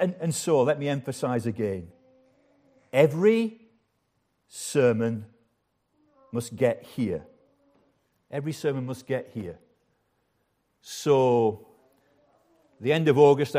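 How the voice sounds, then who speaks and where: A man's voice: on the high side, darkish tone. Earnest older male preacher. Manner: earnest, emphatic, repeats key phrases. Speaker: pastor. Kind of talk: sermon.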